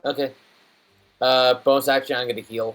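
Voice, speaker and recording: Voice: medium pitch, flat delivery, moderate pace. A player in a tabletop game, asking the game master what they can do. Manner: asks the game master rules questions.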